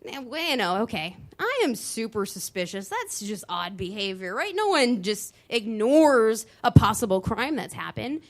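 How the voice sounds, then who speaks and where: A woman telling a personal story on stage at a live show, animated, with dramatic pauses and voice shifts. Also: mid-range voice. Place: dance studio venue, live show.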